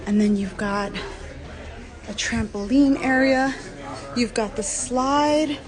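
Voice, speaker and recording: A woman giving an excited live room tour on a cruise ship, filmed on a handheld phone and out of breath at times. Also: on the high side, takes it slowly. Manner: excited, gasping and laughing. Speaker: cruise vlogger. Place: cruise ship cabin, indoors.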